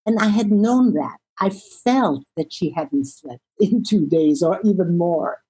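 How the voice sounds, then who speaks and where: A woman, a relationship therapist, telling a story as an interview guest, expressive and slowing down for emphasis. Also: fairly low pitch, slightly rough, low-quality recording.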